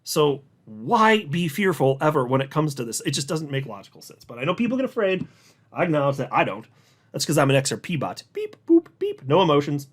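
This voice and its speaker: A man with a fairly high, lively voice hosts a casual market commentary show. He reads out analysts' posts and reacts to them, pushing his pitch up sharply for emphasis and addressing viewers directly. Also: fairly quick, slightly rough. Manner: animated, talks straight to viewers, swings pitch up for emphasis. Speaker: crypto market commentator, channel host.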